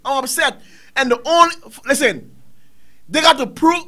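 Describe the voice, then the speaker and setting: A man's voice: extremely high pitch, animated, normal speed, pauses often, pushed and bright. A middle-aged man, hosting a talk show and ranting angrily, firing off one rhetorical question after another. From Caribbean. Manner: angry, preaching, rhetorical questions. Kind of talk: impassioned commentary.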